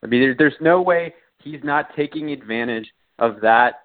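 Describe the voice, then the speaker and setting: A man's voice: medium pitch, normal speed. A man co-hosting a sports radio show, firm and keeping the talk on track. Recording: tinny phone-like sound.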